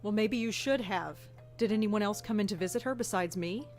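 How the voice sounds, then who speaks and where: A woman voices a wary young game heroine who answers guardedly and keeps asking questions. Her voice sits at a middle pitch over faint music. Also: a little fast, a little mellow, natural voice. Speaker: game character. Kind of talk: studio game voice acting.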